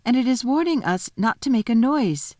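A woman's voice: on the high side, animated, moderate pace, warm tone, dry recording, studio quality, voice pushed up, close to an everyday voice. A woman reading a storybook voices a sensible, cautious older girl. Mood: watchful.

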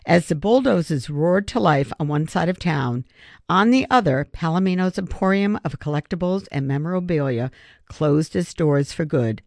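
Audiobook narrator, steady storytelling, gravelly, dry booth. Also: mid-range voice, moderate pace, no room sound.

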